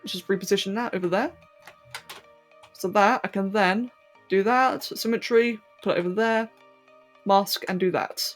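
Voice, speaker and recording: A woman from London, England, with an English accent chats casually on a live stream while working on a 3D model as a streamer and 3D artist. Her mid-range voice moves at normal speed with long pauses, faint music behind her. She laughs often and trips over her words.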